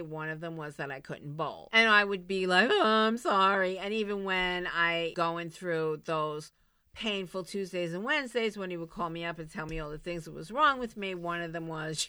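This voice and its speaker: A blunt, animated woman tells a candid personal story as a recovery program host, swinging between loud exclaims and quiet asides. Her voice is bright and forceful. The sound is dry and close. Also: lowish voice, clear, resonant tone, no room sound.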